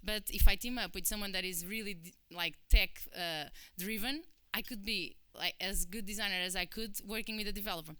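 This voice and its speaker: Portuguese accent woman chatting at a talk, very clear and dry sound, animated storytelling. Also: mid-range voice, brisk, hardly any pauses, no echo. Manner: chatty, animated, acts out quoted voices, many fillers. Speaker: conference speaker. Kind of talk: personal talk to an audience.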